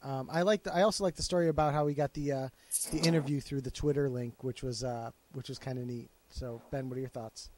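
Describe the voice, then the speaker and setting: A man's voice: mid-range voice, fairly even intonation, quick pace, a little mellow, no echo. A man hosting a football podcast, wrapping up an interview and passing to co-hosts. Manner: friendly, steering the conversation. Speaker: podcast host. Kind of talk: casual chat.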